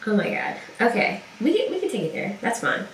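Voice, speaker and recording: A woman's voice: medium pitch, wildly swooping pitch, brisk. Young woman co-host, distant from the mic, echoey room, faint hiss. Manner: supportive listener, frequent murmured agreement. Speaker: podcast co-host. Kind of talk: casual chat.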